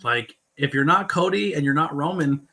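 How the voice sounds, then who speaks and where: A man co-hosting a casual wrestling watch-along podcast, giving relaxed, opinionated takes in quick bursts. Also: fairly high pitch, gravelly. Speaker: podcast co-host.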